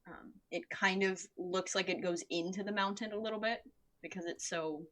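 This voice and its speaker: A woman's voice: medium pitch, steady tone, normal speed, a bit bright. Hesitant woman player in a tabletop game. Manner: hesitant, many fillers. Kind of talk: casual tabletop game chat.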